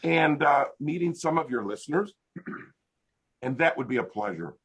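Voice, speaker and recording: An older American man telling a funny story in a relaxed interview, animated and laughing as he goes. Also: on the high side, measured pace, slightly rough. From United States. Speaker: interview guest, hypnotist. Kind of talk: casual storytelling. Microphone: video call.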